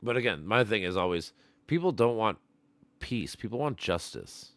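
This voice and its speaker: A man's voice: on the low side, sing-song, moderate pace, a bit bright, no room sound. A man hosting a casual stream, talking bluntly with lots of swearing and laughing. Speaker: stream host. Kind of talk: casual profane chat.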